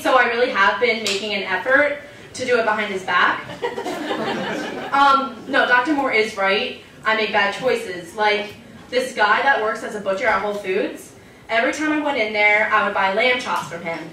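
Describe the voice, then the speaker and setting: A young woman delivers a stand-up set in a deadpan, self-mocking way, starting her jokes with "um". Her voice sits a little high and rings through a very echoey club, caught from some distance with noise behind. Laughter from the audience fills the gaps. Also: normal speed. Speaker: stand-up comedian. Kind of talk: stand-up routine. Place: comedy club stage. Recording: echoey club recording from far off.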